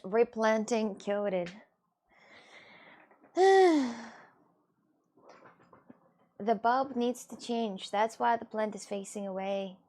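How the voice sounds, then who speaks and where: A woman's voice: mid-range voice, steady tone, unhurried, hardly any pauses, a little mellow. A young woman, chatting casually on a live stream and answering viewers' questions.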